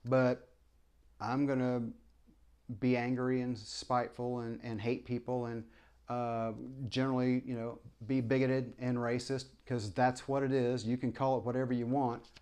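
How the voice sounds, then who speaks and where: A man's voice: medium pitch, flat delivery, measured pace, a little mellow, clean tone. A man, a former preacher, in a rambling opinion monologue to camera. He stumbles through many restarts and apologies and fires off impassioned rhetorical questions. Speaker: vlogger.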